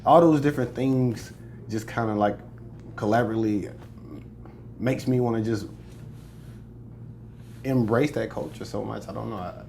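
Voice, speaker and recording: Joking young comedian, low voice. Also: male voice, moderate pace, gravelly, long pauses, warm tone, slight background noise. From United States. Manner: boastful, joking, laughs often. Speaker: comedian guest. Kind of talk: casual interview chat.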